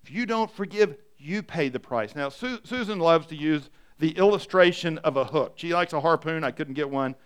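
A man's voice: on the high side, normal speed, few pauses, clean tone. A middle-aged man, a pastor, preaching an emphatic, story-driven sermon. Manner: emphatic, animated storytelling with repetition.

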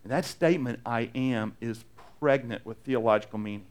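A man's voice: mid-range voice, moderate pace. A man preaching a sermon in a conversational style, repeating phrases and acting out the people he quotes. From United States. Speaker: pastor.

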